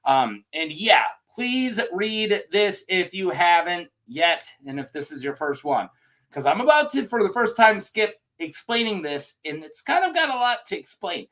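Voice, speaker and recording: A man's voice: high voice, sing-song, a little slow, a bit bright. A man talking to his viewers in an unedited, rambling rant, joking and improvising as he goes. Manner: rambling, jokey, improvised, with restarts and laughs. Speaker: video creator talking to viewers.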